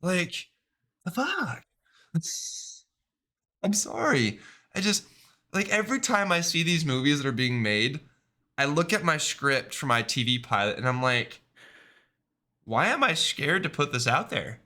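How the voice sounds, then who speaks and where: Brief: male streamer, bright, tense-edged tone, casual rambling chat full of fillers. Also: fairly high pitch, very animated, moderate pace. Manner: rambling, many fillers and tag questions.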